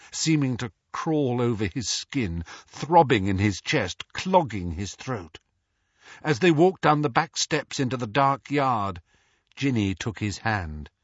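A man narrating an audiobook in an expressive storytelling manner. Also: mid-range voice, breathy edge, no room sound, dull audio.

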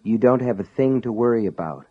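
A man voicing a sinister shopkeeper who speaks softly and quietly. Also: mid-range voice, lively intonation, brisk, narrow, tinny audio, lightly acted. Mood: menacing. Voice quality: soft, quiet. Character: sinister soft-spoken older male shopkeeper.

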